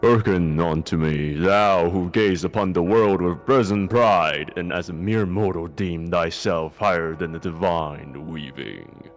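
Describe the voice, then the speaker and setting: A man voicing an ancient divine male deity in a slow, solemn, archaic declaiming manner. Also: low voice, faint music behind.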